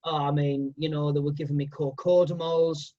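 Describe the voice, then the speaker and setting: A male comedian chats casually, telling stories in an animated way. His voice sits high for a man. The sound is muffled and lo-fi. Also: normal speed. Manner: chatty, animated storytelling. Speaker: comedian and impressionist guest. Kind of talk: casual podcast chat.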